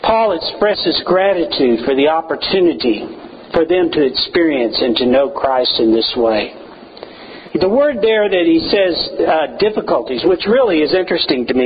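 A man preaching a sermon in an earnest style, asking rhetorical questions and moving between soaring and hushed delivery. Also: high voice. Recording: dull lo-fi, faint hiss.

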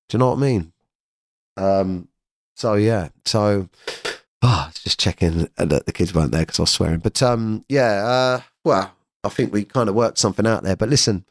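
Man, low-pitched, frank rambling podcast talk from home, dry close sound. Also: lively intonation, moderate pace, no room sound. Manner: frank, rambling, swears freely. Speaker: podcast host. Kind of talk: unscripted solo podcast talk.

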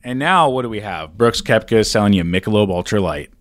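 Male podcast co-host, lowish voice, dry close mic, relaxed joking chat. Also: fast talker, dry recording. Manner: reads listener questions, jokey. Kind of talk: casual chat.

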